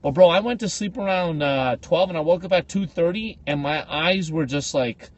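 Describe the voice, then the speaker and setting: A man co-hosting a podcast, telling comic stories in a casual chat and jumping into high squealing voices for the people he quotes. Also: normal speed, slightly rough, no room sound, lo-fi sound. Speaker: podcast co-host. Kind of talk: comedic storytelling chat.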